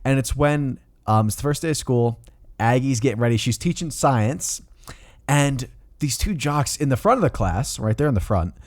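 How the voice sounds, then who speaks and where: A man's voice: mid-range voice, lively intonation, moderate pace, darkish tone, dry recording, studio quality. A young man co-hosting a casual film review podcast, blunt and critical, swearing freely as he rants. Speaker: podcast co-host.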